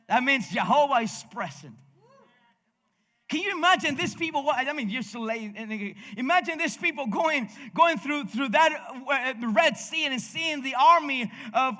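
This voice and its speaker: Spanish-accented male pastor, fervent rhythmic preaching, bright tone, long church reverb. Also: very high-pitched. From Cuba. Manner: passionate, rhythmic preaching with frequent restarts and laughter. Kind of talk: sermon. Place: church sanctuary.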